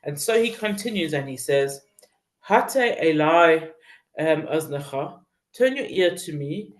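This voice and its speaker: A woman teaching a Psalm class who reads Hebrew phrases, translates them and often pauses to search for words. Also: low voice, lively intonation. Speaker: Torah teacher. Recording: roomy echo.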